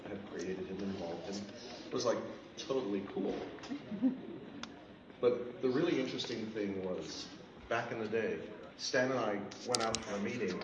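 Male panelist, animated storyteller who laughs often; far mic, echoey hall, steady noise. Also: lowish voice, highs cut off. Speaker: panel guest, comic writer. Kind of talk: panel anecdote. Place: convention hall stage.

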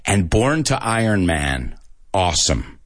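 A man hosting a casual live English lesson, joking and laughing often at himself and spelling out letters slowly. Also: sits low, sing-song, dry recording, clean studio sound. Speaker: live-stream host teaching English.

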